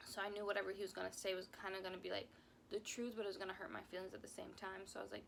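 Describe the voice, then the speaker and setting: A woman's voice: mid-range voice, little pitch movement, very fast, vocal fry, a bit bright, slight background noise. A young woman telling a personal story time on her vlog, emotional and rambling, often repeating herself. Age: young adult. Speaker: vlogger.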